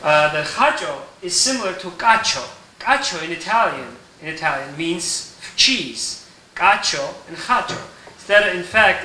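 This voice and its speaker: A man walks through a recipe in his home kitchen, relaxed and explanatory, often checking in with his viewers. His voice is very bright and slightly high. It sounds roomy and set back from the mic, with faint kitchen clatter behind. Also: far from the mic, a little hiss or hum. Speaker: home baker teaching a recipe. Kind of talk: casual cooking tutorial.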